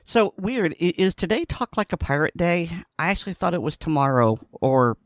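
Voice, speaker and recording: A man's voice: a little high, very animated, normal speed, no room sound, studio quality. A man co-hosting a casual podcast chat, teasing and telling jokes. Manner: teasing, joking. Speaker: podcast co-host.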